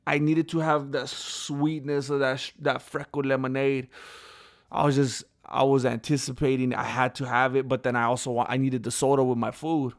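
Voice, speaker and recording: A man hosting a livestream, chatting casually and excitedly in slangy, animated storytelling. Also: mid-range voice, normal speed. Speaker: livestream host.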